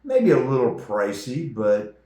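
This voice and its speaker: A man hosting a travel vlog, chatting casually about restaurants in a relaxed, rambling way. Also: medium pitch, measured pace, reverberant. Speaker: host. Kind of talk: casual chat reviewing restaurants.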